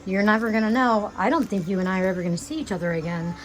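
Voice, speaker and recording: A young woman recording a pleading, emotional video message to her father, agitated and halting, often restarting her sentences. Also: mid-range voice, rough recording. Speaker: vlogger addressing her father.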